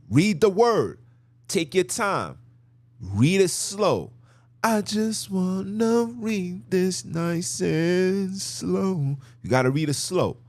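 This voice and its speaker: Guiding his audience through slides, a man hosting a podcast offers forceful, repetitive religious commentary in relaxed slang. His voice is husky and on the high side.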